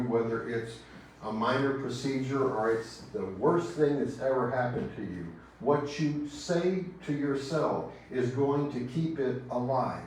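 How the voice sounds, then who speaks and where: A Texan man preaches in a slow, gentle, reflective way, leaving long pauses between his thoughts. His voice sits at an ordinary middle pitch. It rings through a very echoey church sanctuary, picked up from a distance with a faint hum behind it. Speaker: pastor. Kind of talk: sermon.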